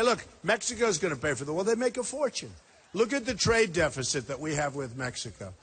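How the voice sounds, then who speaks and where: Man, 60s, campaign rally speaker, rambling and emphatic, slightly husky, higher-pitched. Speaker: political candidate. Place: packed high school gym.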